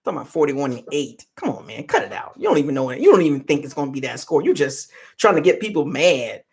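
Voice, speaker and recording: A man's voice: a little high, sing-song, quick pace, gravelly, darkish tone. A man hosting a football fan channel, chatting casually on a live stream and teasing fans in the chat. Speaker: sports channel host.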